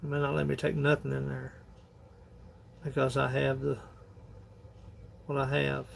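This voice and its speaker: A man's voice: mid-range voice, monotone, a little slow, creaky, a little hiss or hum. A man, chatting casually on a phone livestream in a rambling, folksy way, laughing often. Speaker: livestream host.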